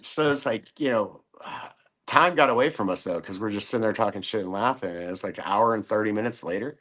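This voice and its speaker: Low-voiced man telling a profane story. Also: brisk. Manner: profane, animated storyteller acting out quoted voices. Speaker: podcast guest. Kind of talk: casual storytelling chat.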